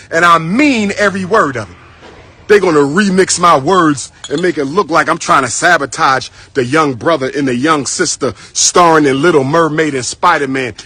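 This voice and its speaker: Male commentator, bright, sharp voice, blunt repetitive rant to camera. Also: a little high, breathy edge, no room sound. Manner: blunt, emphatic, repeats himself, addresses listeners as brothers and sisters.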